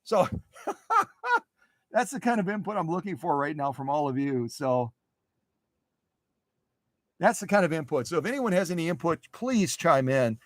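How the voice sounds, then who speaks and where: A man's voice: a little high, lively intonation, moderate pace, pauses often, no echo, studio quality. A man hosting a sewing machine live stream in a workshop, chatty and folksy, often repeating his phrases. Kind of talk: casual demonstration talk.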